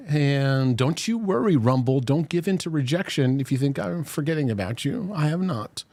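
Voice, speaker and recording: This man's voice sits a little high and sounds animated and darkish, at normal speed with few pauses and no room sound. Hosting a Christian mental health livestream, he talks casually, reads out viewer comments, and laughs easily in between, full of fillers and restarts.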